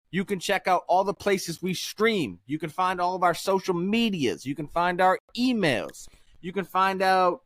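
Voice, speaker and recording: A man's voice: high-pitched, a bit bright, no echo. A man co-hosting a podcast, doing plugs and the sign-off in a brash, profane, pushy way. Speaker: podcast co-host.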